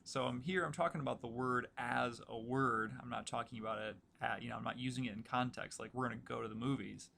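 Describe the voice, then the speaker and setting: Male writing instructor, gravelly voice, casual lecture delivery full of fillers, faint background hiss. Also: mid-range voice, steady tone, fast talker, few pauses, bright, forceful tone. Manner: casual, filler-heavy explaining. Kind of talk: recorded lecture walkthrough.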